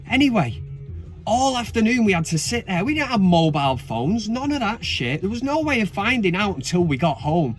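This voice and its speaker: A man's voice: sits high, big pitch swings, brisk, soft background music. A man in his thirties with a Manchester accent, ranting sarcastically and swearing as a football fan vlogger. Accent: Mancunian. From Manchester, England. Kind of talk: casual ranting commentary.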